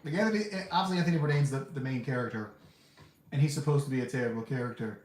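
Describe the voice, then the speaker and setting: This film-reviewing podcast host talks rapid-fire in a medium-pitched, slightly mellow voice, rambling through candid, relaxed opinions and laughing often. He's seated indoors, and there's a roomy echo and a faint hum in the recording.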